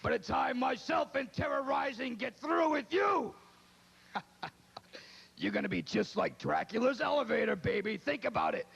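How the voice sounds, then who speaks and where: A man voicing a brash male wrestling manager who shouts boastful taunts at a rival. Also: extremely high pitch, lively intonation, unhurried, gravelly, breathy edge, highs cut off, pitched above the performer's own voice, full character voice. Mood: taunting.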